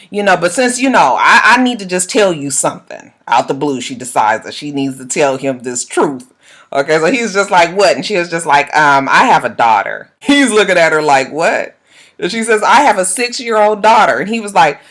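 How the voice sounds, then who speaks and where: A woman recapping a reality TV episode on her vlog, loud and profane, laughing and acting out the cast's lines. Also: very animated, brisk. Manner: loud, profane, laughing, swinging from low mutters to high shrieks; acts out the cast members' lines in quoted voices. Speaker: YouTube reality-TV reviewer.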